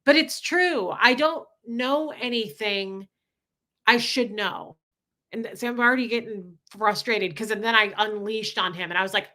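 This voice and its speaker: A woman chatting live to her viewers in a bright, tense voice that sits a little high. She rambles and swears freely as she vents her frustrations, reading and thanking super chats as she goes. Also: normal speed. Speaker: livestream host. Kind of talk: casual livestream chat.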